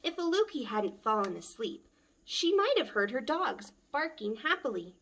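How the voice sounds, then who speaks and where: A woman, a children's librarian, reading a picture book aloud at story time with a gentle, expressive manner. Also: high voice, moderate pace.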